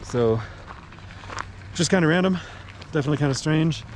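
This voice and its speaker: Out on a mountain trail next to a highway, a young male thru-hiker talks through his hiking vlog at a normal speed, his voice a little high. His delivery is laid-back and rambling, packed with fillers. You can hear outdoor noise, including wind and passing traffic.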